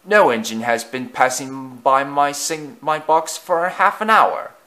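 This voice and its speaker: A man's voice: fairly high pitch, measured pace, pushed and bright, pitched above the performer's own voice. A man voicing a puzzled male signalman in a storybook reading, speaking bluntly and matter-of-factly.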